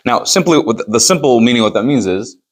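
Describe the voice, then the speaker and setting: Here a rabbi with a mid-range voice talks fast and animatedly while teaching Chassidus. He reads lines aloud, translates them, and unpacks them through pointed rhetorical questions in this Torah study class.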